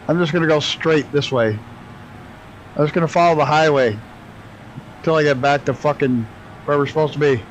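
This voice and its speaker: A man's voice: on the high side, moderate pace, pauses often, a little hiss or hum, rough recording. Profane man streaming a flight sim. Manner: profane, laughs at himself, talks to chat while flying. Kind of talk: casual live-stream commentary.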